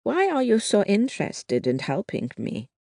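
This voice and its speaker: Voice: medium pitch, wildly swooping pitch, moderate pace, creaky, dark tone, dry recording, clean studio sound, pitched above the performer's own voice, heavily acted. A narrator doing a reserved wounded lieutenant. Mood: firm. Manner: firm, withdrawn. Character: wounded adult male army lieutenant, reserved. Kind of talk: audiobook narration.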